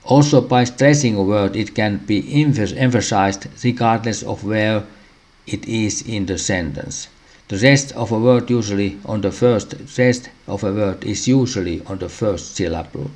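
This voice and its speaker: A man slowly reading out a language lesson, pausing often and clearing his throat between phrases. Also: on the low side, a little mellow. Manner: halting, frequent throat clearing. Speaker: language teacher.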